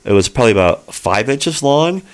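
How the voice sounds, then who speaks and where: A man's voice: mid-range voice, big pitch swings, normal speed. A middle-aged man telling a long, rambling story in casual chat, with lots of fillers and spoken sound effects.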